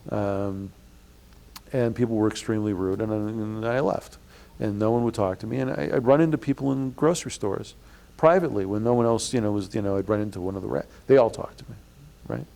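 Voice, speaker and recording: A man's voice: fairly low pitch, a little fast, gravelly. A man interviewed about his experiences, telling long rambling stories with many restarts and an indignant edge. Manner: rambling, restarts often, acts out quoted people loudly. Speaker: interviewee, blogger. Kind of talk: storytelling in an interview.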